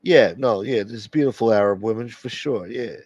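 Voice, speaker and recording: A man's voice: lowish voice, normal speed, a little mellow, breathy edge, no echo, dull audio. A man hosting a late-night livestream and rambling bluntly through strong opinions in casual chat. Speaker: livestream host.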